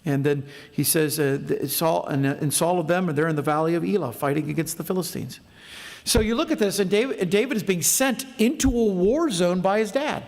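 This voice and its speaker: A middle-aged man with a Southern US accent preaches in a slightly high voice. He tells stories with earnest asides and restarts. Long reverb rings from the church hall around him. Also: expressive, fairly quick, a little mellow. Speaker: pastor. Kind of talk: sermon. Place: church sanctuary.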